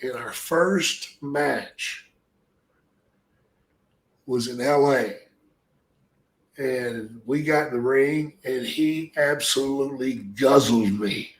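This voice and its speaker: A man's voice: mid-range voice, reverberant, rough recording. An older man and former wrestler hosting a podcast, telling blunt, profane stories in a casual way. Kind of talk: casual storytelling.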